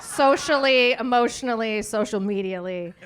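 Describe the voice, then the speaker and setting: A woman's voice: a little high, normal speed, a bit bright, a little hiss or hum. A woman doing a wry stand-up comedy set on a live comedy stage.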